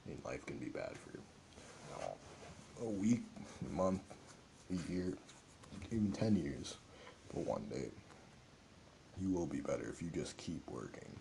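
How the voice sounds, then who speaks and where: Casting note: young male podcast host, very deep and gravelly, mellow tone, earnest rambling monologue. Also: sing-song, measured pace, pauses often, slight background noise. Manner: earnest, rambling, heavy filler words. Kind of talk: reflective solo podcast monologue.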